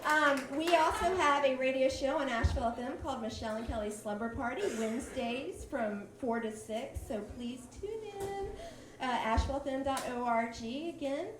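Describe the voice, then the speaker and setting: Woman, high voice, chatty announcer, a little off-mic in a roomy club with crowd noise. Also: normal speed, distant mic. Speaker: show co-host. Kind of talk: live announcements. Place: comedy club stage.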